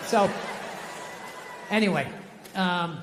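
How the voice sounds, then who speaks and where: A middle-aged man doing a stand-up comedy set, animated and swearing as he rants. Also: sits high, extremely slow, big-room sound, a crowd in the background, noisy background.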